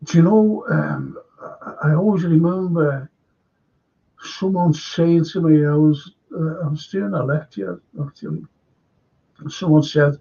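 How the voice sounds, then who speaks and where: An older man with a Liverpool accent talks slowly and warmly in a husky, slightly high voice, wandering from thought to thought and restarting his sentences. The stream audio sounds dull and lo-fi. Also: animated. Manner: slow, meandering, with many restarts. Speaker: live stream host reading viewer comments. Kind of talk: rambling casual chat.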